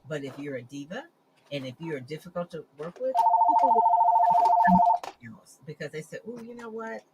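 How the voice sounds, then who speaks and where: A woman hosting an interview on a video call, asking questions in an energetic, emphatic way. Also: deep voice, moderate pace, very noisy. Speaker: show host.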